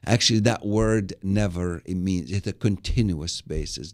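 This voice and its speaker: Lively enthusiastic male preacher. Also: low voice, unhurried. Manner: enthusiastic, repeats words for emphasis; explains and applies scripture. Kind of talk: live webcast sermon.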